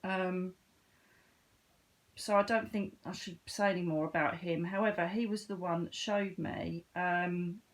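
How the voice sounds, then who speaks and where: A woman, a psychic medium chatting to camera in a casual, animated storytelling way. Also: fairly low pitch, measured pace. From Britain. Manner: chatty and animated, with sudden lively lifts of voice.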